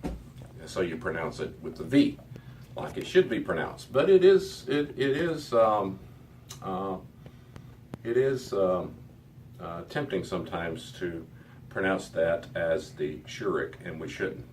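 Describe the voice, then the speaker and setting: A man's voice: deep voice, animated, slow, darkish tone, far from the mic, slight background noise. A man teaching a Hebrew reading lesson to a class, explaining patiently with many fillers.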